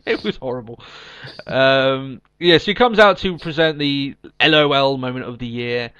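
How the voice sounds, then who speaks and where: A man co-hosting a casual podcast, recapping in a chatty way full of ums and restarts. His voice sits at a middle pitch. The audio is dull and lo-fi. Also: moderate pace, fairly bright tone, clear, resonant tone. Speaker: podcast co-host. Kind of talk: casual chat.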